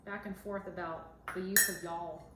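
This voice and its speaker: A woman's voice: on the low side, fairly even intonation, normal speed. A woman co-hosting a podcast, chatting casually and giggling as she mixes a cocktail. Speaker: podcast co-host, dentist. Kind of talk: casual chat while mixing a cocktail. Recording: echoey room with background noise.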